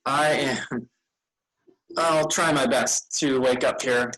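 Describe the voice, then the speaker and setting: A man's voice: medium pitch, fairly even intonation, slow, a bit bright, rough recording. A tired man leading a vacation Bible school session, chatting casually with children and rambling a bit as he loses his train of thought. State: tired, yawning.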